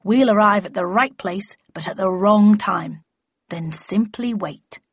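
A woman voicing a wry, calm and eccentric older father, with a husky voice and a measured, dry, unhurried delivery. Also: mid-range voice, dull audio.

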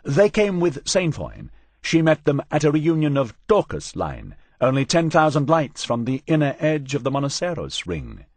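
A man voicing a smooth male host who introduces guests briskly and teases his friend. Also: medium pitch, no room sound, pitched above the performer's own voice. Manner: brisk, teasing, lively.

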